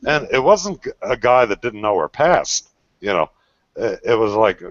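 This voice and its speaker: A man's voice: lowish voice, sing-song, moderate pace, no echo. A man in his sixties in casual chat, telling blunt, profane stories. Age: 60s. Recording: dry, dull lo-fi audio.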